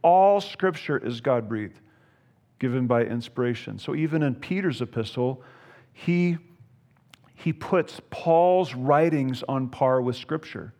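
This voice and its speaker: A pastor giving an animated expository sermon, emphatic, with playful asides and frequent repeated words. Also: male voice, medium pitch, slow pace. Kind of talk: expository Bible teaching sermon.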